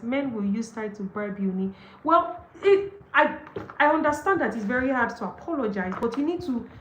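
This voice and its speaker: Animated Nigerian woman in an echoey room. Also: a little high, slight background noise. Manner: animated, emphatic, laughs often, acts out quoted excuses. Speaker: book discussion host. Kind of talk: live session reading and commenting on a marriage book.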